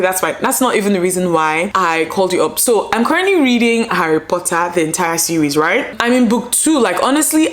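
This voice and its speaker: A woman vlogging at home in a casual, rambling way, with many fillers as she chats to her viewers. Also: medium pitch. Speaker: lifestyle vlogger. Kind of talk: casual vlog chat to camera.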